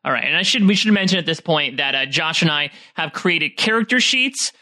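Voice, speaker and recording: A man's voice: on the high side, animated, fairly quick, sharp tone. A man playing a tabletop game, bantering in a laid-back, joking way. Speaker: player.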